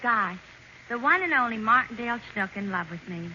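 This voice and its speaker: A woman playing a brisk, tart hotel switchboard operator in a 1940s radio comedy. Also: fairly high pitch, animated, pushed and bright. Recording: muffled hissy 1940s radio broadcast.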